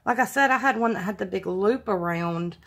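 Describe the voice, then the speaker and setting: A woman's voice: mid-range voice, fairly quick, gravelly, fairly bright tone. A woman hosting a casual craft unboxing vlog, gushing and exclaiming over everything she opens. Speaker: craft channel host.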